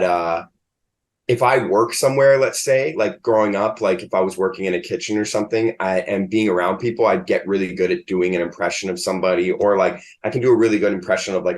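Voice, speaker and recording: A man's voice: fairly low pitch, a little fast. A man, a comedian guest in a casual interview, rambling and filling his talk with "like". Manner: rambling, filled with "like".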